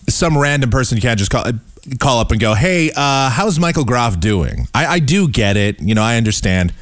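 A man's voice: medium pitch, dry recording. Sarcastic guy host ranting, voice all over the place, dead dry. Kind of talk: commentary.

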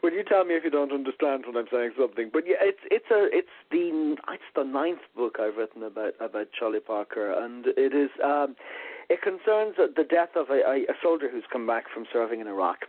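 A man's voice: medium pitch, lively intonation, a little fast, dry recording. A man with an Irish accent, an author interviewed on radio, telling wry self-deprecating stories. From Ireland. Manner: chatty, self-deprecating storyteller. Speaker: author guest. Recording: tinny phone line.

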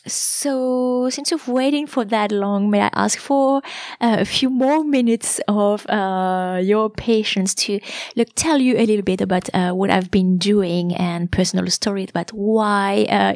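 A woman's voice: mid-range voice, a little mellow, no room sound, studio quality. A woman in her thirties, a French teacher hosting her own podcast, talking casually with frequent ums and uhs.

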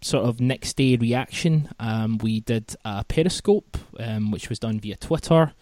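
A man's voice: medium pitch, unhurried, mellow, no room sound, studio quality. A man hosting a football podcast in a casual, chatty way, with lots of ums and restarts. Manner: chatty, self-deprecating, many ums and restarts. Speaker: podcast host.

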